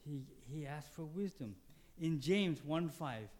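A man's voice: expressive, unhurried, darkish tone. A man, a pastor, preaching a conversational sermon, asking the congregation questions and acting out little quoted exchanges with sudden jumps in his voice. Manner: dynamic, acts out quotes with big pitch jumps.

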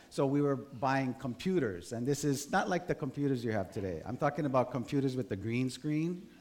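A man in his sixties from Hawaii, a pastor telling a story in a relaxed, conversational sermon with many fillers. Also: mid-range voice.

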